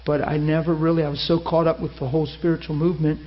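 A man preaching a sermon, telling a story with lively acted-out quotes. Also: on the high side, fast talker. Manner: animated, acts out quoted voices. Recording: muffled lo-fi sermon recording.

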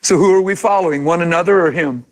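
A man's voice: high voice, fast talker. A man preaching a sermon in an impassioned, conversational way, acting out imagined quotes.

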